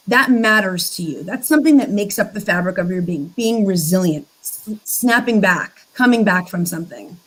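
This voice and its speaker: A woman's voice: medium pitch, expressive, moderate pace, hardly any pauses, fairly bright tone, low-quality recording. A woman co-hosting a casual conversation about emotions, speaking in an earnest, coaching way. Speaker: co-host.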